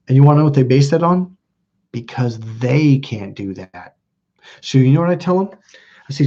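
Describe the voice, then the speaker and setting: Husky-voiced man in his fifties, rambling. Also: mid-range voice, lively intonation, a little fast, warm tone, dull audio. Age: 50s. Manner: rambling and emphatic, frequent restarts. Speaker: self-help coach. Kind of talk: casual off-the-cuff monologue to camera.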